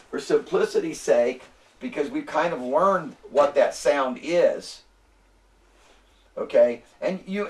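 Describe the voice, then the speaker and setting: A man's voice: medium pitch, far from the mic. A man lecturing a classroom as a Hebrew instructor, patient and repetitive, often prompting the students to answer.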